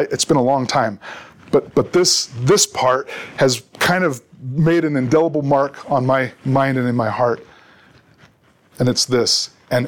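A middle-aged man preaching a sermon as a pastor, earnest and often repeating words as he restarts. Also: medium pitch.

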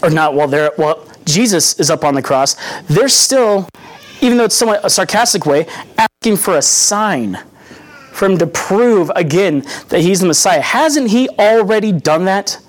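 A man's voice: sits high, expressive, normal speed. Earnest young man preaching. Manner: earnest, conversational teaching with acted-out quotes. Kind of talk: sermon.

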